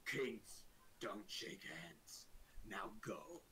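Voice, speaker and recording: A man voicing a grim male orc warlord who speaks slowly and menacingly in short commands. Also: on the low side, lively intonation, sharp tone, a little hiss or hum, voice pushed down, full character voice, poor audio. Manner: slow, menacing, curt commands.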